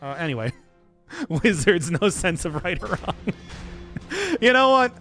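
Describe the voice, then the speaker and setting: A man's voice: high voice, sing-song, measured pace, a bit bright, soft background music. A man streaming a game, rambling in casual commentary and laughing at his own jokes.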